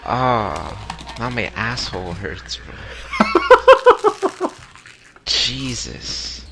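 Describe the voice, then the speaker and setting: Slow, deep-voiced incredulous man. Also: lively intonation, gravelly, background noise. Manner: incredulous, slangy, swears a lot. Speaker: podcast co-host. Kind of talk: casual chat.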